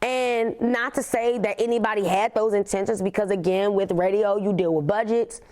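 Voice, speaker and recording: A woman, hosting a podcast and telling a personal story in an emphatic way, often leaning on "literally" and slowing down on key words. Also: mid-range voice, fairly even intonation, darkish tone. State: tearful. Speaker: podcast host.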